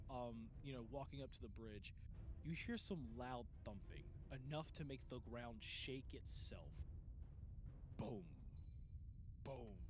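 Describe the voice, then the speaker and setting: A man narrating as game master in a tabletop fantasy game, talking with fillers and restarts. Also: mid-range voice. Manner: hesitant, with many fillers and restarts.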